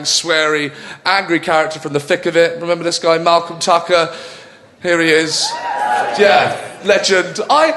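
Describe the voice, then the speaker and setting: A man's voice: high-pitched, a bit bright, a little hiss or hum. A man doing a chatty stand-up routine in a comedy club, with self-mocking asides. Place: comedy club stage with live audience. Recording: roomy hall with crowd.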